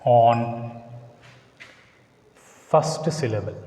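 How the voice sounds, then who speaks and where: A man with an Indian English accent teaching a lesson on English word stress, slowly repeating words and rules and checking that students follow. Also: medium pitch, dark tone. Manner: slow, repeats words and rules, asks "got it?". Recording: echoey room, long reverb.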